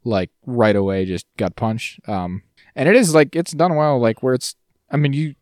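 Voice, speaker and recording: A man co-hosting a casual podcast, talking in an animated, jokey way that often trails off and restarts. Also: medium pitch, normal speed, no echo, studio quality. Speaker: podcast co-host.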